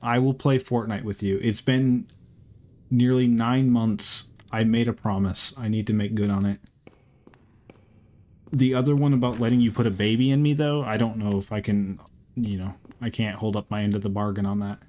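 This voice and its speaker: A man's voice: lowish voice, steady tone, moderate pace, dark tone. A man streaming a game, chatting casually and profanely with his viewers in a rambling, joking way. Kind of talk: casual chat with live chat while playing.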